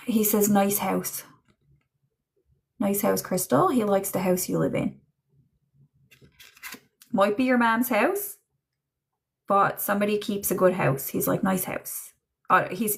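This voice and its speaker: Woman, livestream psychic host, casual and chatty, frequent laughs, creaky voice. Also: mid-range voice, fairly bright tone. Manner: chatty, relays messages in quotes, laughs often. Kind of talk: live-streamed spirit and tarot reading.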